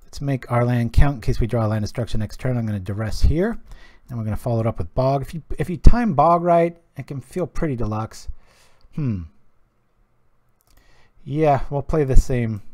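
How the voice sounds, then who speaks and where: A man casually commenting on his own card game as he plays, chatty and joking, thinking out loud. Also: medium pitch, expressive, moderate pace, dry recording, studio quality. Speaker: streamer playing a card game.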